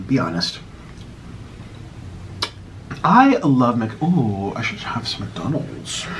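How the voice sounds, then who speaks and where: American man, eating vlog chat, lively swooping voice, theatrical mock outrage, faint background hum. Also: medium pitch. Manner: animated, dramatic mock outrage. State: out of breath. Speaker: YouTuber eating on camera. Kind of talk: casual mukbang vlog chat.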